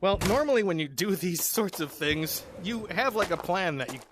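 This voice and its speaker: A man's voice: high-pitched, normal speed. A man hosting a gaming channel, telling a story casually while he plays, laughing often and tossing in sarcastic asides. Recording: steady background noise with clicks.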